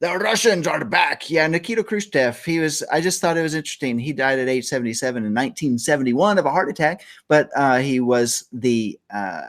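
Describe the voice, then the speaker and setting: A male talk show host chats loosely through trivia, rambling and joking as he goes. His pitch moves around a lot and he laughs easily. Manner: jokey, rambling, laughs often. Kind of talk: casual morning show chat.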